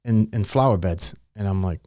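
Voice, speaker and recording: A man's voice: on the low side, normal speed, mellow, no room sound, clean studio sound. A middle-aged man, a strength and conditioning coach, talking in a casual interview, rambling with many restarts and telling stories with animation. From Rhode Island.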